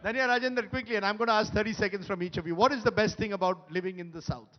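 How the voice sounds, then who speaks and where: A man moderating a conference panel, brisk and pressing speakers for quick answers. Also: high-pitched, muffled recording. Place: conference hall stage.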